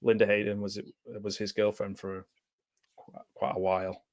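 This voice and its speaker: A man's voice: fairly low pitch, monotone, normal speed, a little mellow, no echo, clean studio sound. A man hosting a casual movie commentary with friends, joking and rambling, laughing often. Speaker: host.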